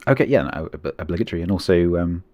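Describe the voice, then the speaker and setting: A man co-commentating a live game, chatty and laughing often, rushing through asides. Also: low voice, animated, dry recording, highs cut off. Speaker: esports co-caster. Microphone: desk mic, drops in and out.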